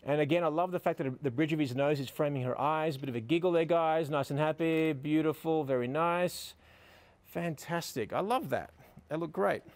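A man with a slightly higher voice than most men leads a photo shoot outdoors beside a building. He is middle-aged and coaxes his models with constant praise. His tone stays upbeat and encouraging as he explains each step. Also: moderate pace. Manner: upbeat, coaxing, lots of praise. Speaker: photography instructor. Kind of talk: on-location teaching, directing models.

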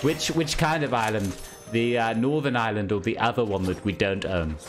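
A man's voice: on the low side, fairly quick, natural voice. A man streamer putting on a posh, scheming British baby boy in a game voice chat, haughty and mock-polite, with game music behind. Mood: prim. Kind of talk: online game chat in character.

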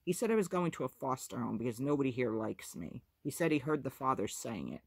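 A woman's voice: extremely low pitch, big pitch swings, fairly quick, husky, no room sound, heavily acted. Proud, scrappy little boy, defiant, read by a woman.

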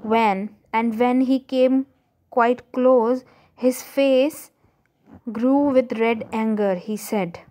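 A woman teacher reads a children's story aloud and explains it. Her voice sits a little high, and she moves very slowly, stumbling and rephrasing as she goes. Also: steady tone, mellow. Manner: slow, halting reading with frequent restarts and rephrasing.

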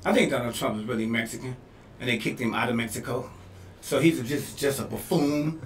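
A man co-hosting a podcast in casual comedic chat, loud and laughing often. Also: mid-range voice, fairly quick, recorded from a distance. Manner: loud, animated, laughing a lot. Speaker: podcast co-host. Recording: echoey room, off-mic, faint noise.

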